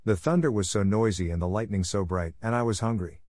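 A man's voice: on the low side, brisk, darkish tone, no echo, clean studio sound, natural voice. A man voicing a hungry, whiny wooden puppet boy who pleads in long breathless run-on sentences. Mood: pleading.

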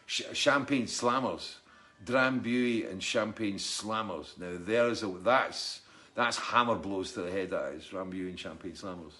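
A middle-aged musician hosts a live stream, reading out viewer comments while he chats casually and spins rambling stories. He's chatty and jokey, with a fairly low, sharp-toned voice and an unhurried delivery.

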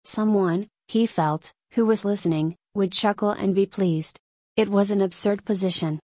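A woman narrating a story as an audiobook in a measured storytelling way. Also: mid-range voice, darkish tone, no room sound.

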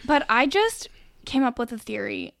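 A woman's voice: on the high side, sing-song, normal speed, gravelly, fairly bright tone. A woman appearing as a guest on a casual podcast, adding brief, easygoing comments.

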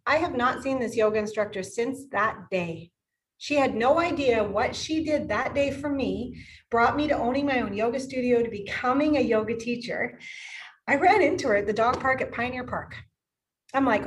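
A woman's voice: fairly high pitch, moderate pace, a little hiss or hum, low-quality recording. A woman in her fifties who owns a yoga studio, telling personal stories in an interview with emotional, effusive energy and frequent laughter. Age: 50s. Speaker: yoga studio owner and teacher. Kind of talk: podcast interview.

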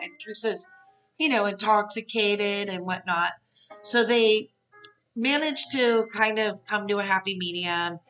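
A woman's voice: mid-range voice, bright, forceful tone, dull audio. A woman hosting a podcast, chatting casually and rambling through a reality TV recap with lots of asides. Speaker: podcast host.

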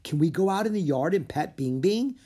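A reader voicing a cheerful, animal-loving young girl in an audiobook, raspy at the edges. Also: mid-range voice, a little fast, pitched above the performer's own voice. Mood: eager. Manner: bright and excitable. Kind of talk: storybook read-aloud.

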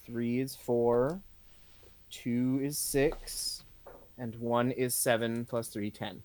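A man playing in a tabletop game, relaxed and casual, counting up his dice rolls aloud. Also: mid-range voice, slow, slight background noise. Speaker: player.

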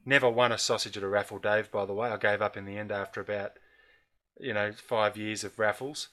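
A middle-aged Australian man telling a long personal anecdote in casual conversation, animated and laughing as he talks. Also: lowish voice, brisk. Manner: animated storyteller, laughs through his anecdotes. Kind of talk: casual storytelling chat.

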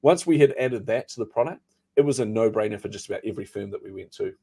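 A man being interviewed as a startup founder, telling stories in a lively way and acting out the people he quotes. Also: lowish voice, fast, husky. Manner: animated storyteller, acts out quoted dialogue. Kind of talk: casual interview storytelling.

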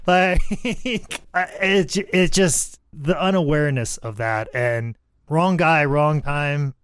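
Man, wrestler, casual podcast talk, smooth clear voice, dry close sound, rambling and swearing. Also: fairly high pitch, lively intonation, slow pace, no room sound.

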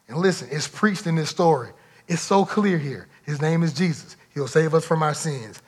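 High-voiced pastor preaching with emphasis. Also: male voice, moderate pace, darkish tone, breathy edge. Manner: emphatic, repeats phrases for effect. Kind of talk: sermon.

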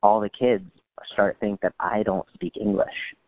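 Guy with a lowish voice, dry humor, tinny phone sound, acts out the quotes. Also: fairly even intonation, normal speed, no echo. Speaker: guest. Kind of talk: casual storytelling chat.

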